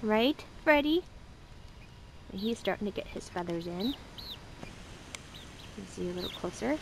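A woman's voice: moderate pace, gravelly, background noise. A woman vlogging casually outdoors beside a backyard chicken coop, chatting as she shows the birds on a handheld camera. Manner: chatty, talks to her birds in a high coaxing voice. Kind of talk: casual show-and-tell vlog. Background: chickens and ducks.

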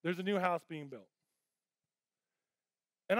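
A male pastor delivering a sermon in a church auditorium. His voice is notably high for a man and recorded dry and close. He talks in a passionate, conversational way, full of ums and restarts. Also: moderate pace, no echo.

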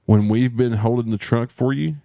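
A man's voice: mid-range voice, moderate pace, vocal fry, dark tone, dry recording. A man with a Texan accent telling a story on a podcast, heated and profane, mocking the people he dealt with. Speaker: podcast host. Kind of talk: casual storytelling rant.

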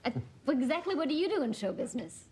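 A fretful suburban mom. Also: female voice, high-pitched, animated, fast talker, a little mellow. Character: kindly, worried suburban mother. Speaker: sitcom character. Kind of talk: 1980s sitcom acting. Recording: noisy old TV recording.

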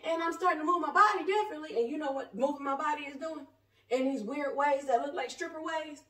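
Fervent high-voiced woman preaching, roomy echo. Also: fast talker. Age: 40s. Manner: fervent, rambling, colloquial, shifting between shouting and soft asides. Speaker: self-styled prophet. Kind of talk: impassioned spontaneous preaching to camera. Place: her home, indoors. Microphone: camera set up at a distance. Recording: echoey room, voice heard from a distance.

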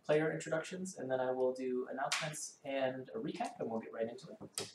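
A man hosting a tabletop game stream as dungeon master, talking quickly with lots of ums and uhs. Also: mid-range voice. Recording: roomy sound with clear background noise.

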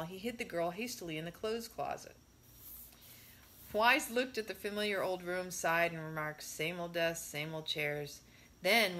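A woman reading a spiritual discourse aloud in a measured way, stressing her rhetorical questions. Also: lowish voice, sharp tone.

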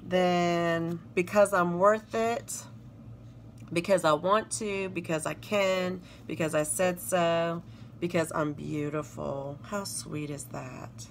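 Slow and steady, her lowish voice touched with vocal fry, a Southern woman from South Carolina reads sticker phrases aloud while showing off her planner stickers. She gushes throughout this casual show-and-tell, and a little hiss or hum sits under the recording.

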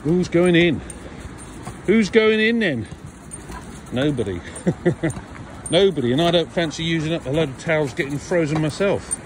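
Guy out walking dogs in the frost, teasing them, slow easy talk, bit higher voice, noisy outdoor recording. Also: animated. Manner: chatty, teasing, calling and cajoling dogs. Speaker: dog trainer. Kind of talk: casual talk to dogs on a walk. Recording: outdoor recording with clear background noise.

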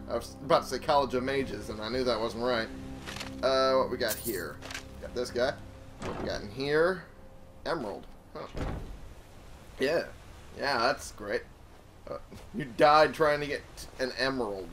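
A young man giving casual, chatty gameplay commentary, thinking aloud and swearing freely. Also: medium pitch. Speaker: let's play host. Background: game music.

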